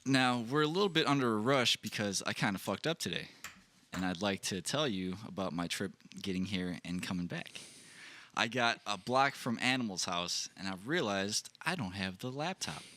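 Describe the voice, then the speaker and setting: A man hosting a casual podcast chat, telling stories in an excitable, profane way. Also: on the low side, normal speed. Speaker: podcast host.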